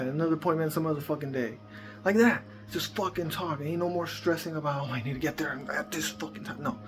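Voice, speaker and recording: Foul-mouthed laid-back dad rambling. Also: male voice, on the high side. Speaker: parenting vlogger. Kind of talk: casual advice monologue.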